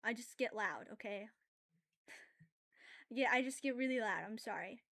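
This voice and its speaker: A woman's voice: fairly high pitch, a little slow. A woman streaming while she draws, chatting casually with her viewers. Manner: loud, animated ranting, then quiet and apologetic; chatty and self-aware, with filler words and laughs. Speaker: drawing streamer. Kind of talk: casual livestream chat while drawing.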